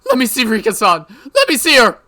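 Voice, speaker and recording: A man's voice: very high voice, huge pitch swings, moderate pace, pitched above the performer's own voice, exaggerated voice. A man voicing a grief-stricken teenage girl in a murderous rage, screaming threats through sobs. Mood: frantic screaming. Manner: shrieking, sobbing, screamed threats. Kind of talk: visual novel voice acting.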